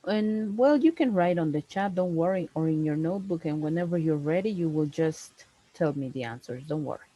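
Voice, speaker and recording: A woman, teaching a one-on-one English lesson over a video call, explaining slowly and stressing key words. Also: deep voice, animated, warm tone, poor audio.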